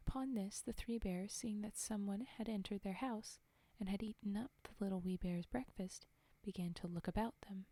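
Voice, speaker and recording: A woman whispering a fairy tale slowly and softly as a storyteller, in a whispered role-play reading. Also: medium pitch, no echo. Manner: soft, slow, whispered reading. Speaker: storyteller and streamer.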